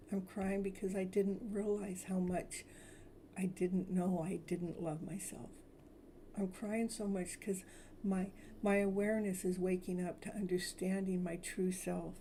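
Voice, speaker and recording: A woman tarot reader speaking soothing spiritual affirmations, slowly repeating each phrase. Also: medium pitch, dark tone, a little hiss or hum.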